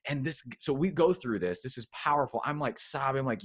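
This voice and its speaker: A man, a former pastor turned coach, telling his story as an interview guest in a casual, animated way, acting out quotes. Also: mid-range voice, fairly quick, dry recording. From United States. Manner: casual, expressive, acts out quotes with big swings.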